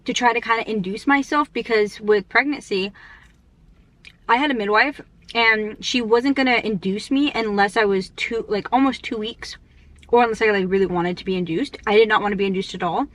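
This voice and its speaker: A young woman vlogger chatting casually and rambling, full of fillers, talking fast because she is in a rush. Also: mid-range voice, fairly bright tone. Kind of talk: casual chat.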